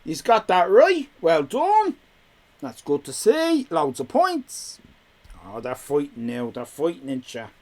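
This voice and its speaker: Young irish guy hosting a quiz stream, chatty, teasing, really lively swoopy voice. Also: a little high, slow pace. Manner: chatty, reads chat aloud, teasing.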